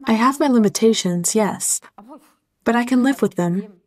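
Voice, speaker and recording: A middle-aged woman from Germany, a guest in an interview, speaking slowly and heartfelt in short, reflective phrases. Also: a little high, a little mellow.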